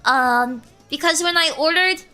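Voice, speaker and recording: A young woman streamer with a squeaky voice, chatting casually and telling a rambling story, giggling and correcting herself often. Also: measured pace, bright, forceful tone, faint music behind.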